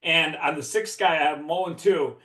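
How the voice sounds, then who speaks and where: A man's voice: on the high side, brisk, pushed and bright. A man from the Chicago area telling a profane story in a casual chat, laughing as he talks. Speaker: podcast guest. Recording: echoey room.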